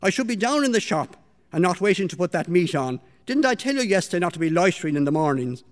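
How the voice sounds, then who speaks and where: A man voicing a sharp-tongued, bossy mistress of a house who scolds and gives orders, in a storybook reading. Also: on the low side, very animated, a little fast, in a large hall. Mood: angry. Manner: scolding, impatient, commanding.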